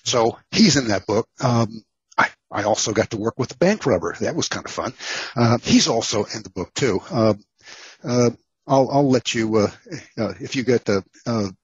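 A man's voice: medium pitch, expressive, normal speed, husky, no echo, highs cut off. A man from Texas, an author telling stories in an interview, rambling with many fillers and restarts. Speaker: author guest. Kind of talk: casual storytelling interview.

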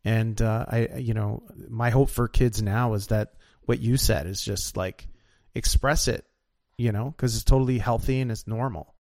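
A man hosting an interview, asking measured, reflective questions and sharing his own experience. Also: lowish voice, steady tone, darkish tone, dry recording, studio quality. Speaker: podcast host. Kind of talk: conversational interview.

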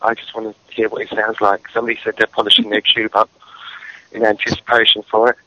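A man's voice: fairly low pitch, completely flat delivery, quick pace, pushed and bright, no room sound. A man calling in to a fan radio show, upbeat and enthusiastic in casual chat. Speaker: caller. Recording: dull, dry lo-fi recording.

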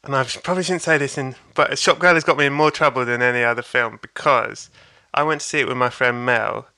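A man's voice: mid-range voice, steady tone, fairly quick, sharp tone, clean tone. A man co-hosting a podcast, chatting casually about films in a laughing, self-deprecating way. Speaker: podcast co-host. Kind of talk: casual film chat.

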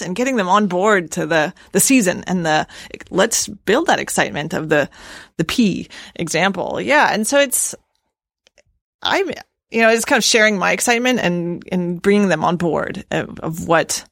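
A woman's voice: fairly low pitch, unhurried, fairly bright tone, no echo, clean studio sound. A woman who harvests seaweed and forages, chatting in a rambling way with many restarts and fillers. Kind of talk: casual conversation.

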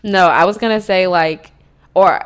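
A woman's voice: on the low side, unhurried, clean tone. A young woman co-hosting a casual chat about reality TV, rambling and restarting her thoughts. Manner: rambling, restarts, many fillers like "like" and "you know". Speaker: podcast co-host.

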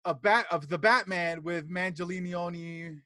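A man's voice: sits high, steady tone, slow, pushed and bright, no echo. A man co-hosting a casual podcast chat, rambling and hesitant as he works through notes. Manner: rambling, hesitant, fillers while reading notes. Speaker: podcast co-host. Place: podcast studio in Atlanta.

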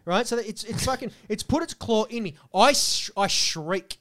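A young man on a podcast, telling a story in casual banter with lots of swearing and animated, rambling energy. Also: high voice, moderate pace. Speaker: podcast co-host.

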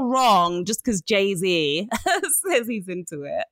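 An English woman in her thirties co-hosting a podcast, telling animated stories with frequent laughter. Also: medium pitch, slow pace, no echo, clean studio sound. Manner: animated storyteller, laughing often. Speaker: podcast co-host. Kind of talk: casual podcast chat.

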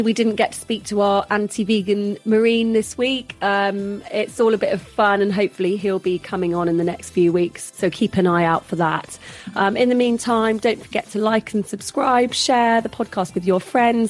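A woman podcast host with a croaky, unwell voice, encouraging her guest and signing off the episode. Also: medium pitch. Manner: friendly, encouraging interviewer. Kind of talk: casual interview chat.

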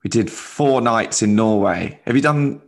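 A man's voice: on the low side, expressive, a little slow, vocal fry. Man telling a touring anecdote. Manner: anecdotal storytelling with laughs. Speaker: stand-up comedian. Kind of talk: casual chat.

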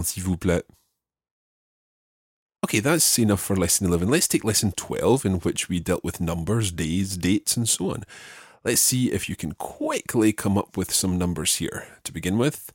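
A man hosting a podcast language lesson, patiently giving English phrases and repeating the answers slowly and clearly. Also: deep voice, lively intonation, no echo, clean studio sound. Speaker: language teacher host.

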